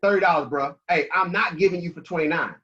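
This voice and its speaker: A man talking about money on a video call, emphatic, slangy and energetic. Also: a little high, quick pace. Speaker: financial coach guest. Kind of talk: animated motivational talk on a video call. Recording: dull lo-fi call audio.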